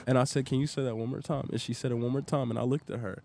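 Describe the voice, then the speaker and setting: A man's voice: medium pitch, very fast, vocal fry. A young man, a podcast guest, telling a story in casual talk and acting out what everyone said. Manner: animated, acts out the quoted lines in a rush.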